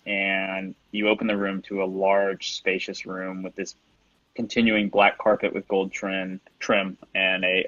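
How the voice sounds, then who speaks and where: A man running a tabletop game as game master, describing scenes in a relaxed, casual way. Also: lowish voice, no room sound, dull audio.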